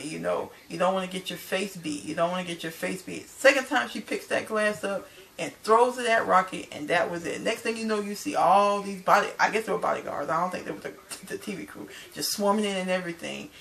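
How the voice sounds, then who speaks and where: A woman's voice: mid-range voice, a little fast, gravelly, a bit bright, slight background noise. A woman casually recapping a TV episode to her viewers, chatty and loose, calling them y'all. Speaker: TV show recapper.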